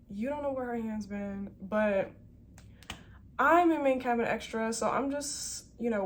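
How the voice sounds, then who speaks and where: A woman flight attendant telling a story in a casual vlog, animated and chatty with plenty of slang. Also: medium pitch.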